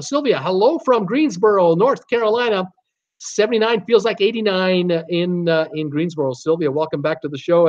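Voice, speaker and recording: A man's voice: a little high, muffled recording. Chatty man hosting a livestream. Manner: chatty, stumbles over names. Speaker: livestream host. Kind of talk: casual livestream, reading viewer comments.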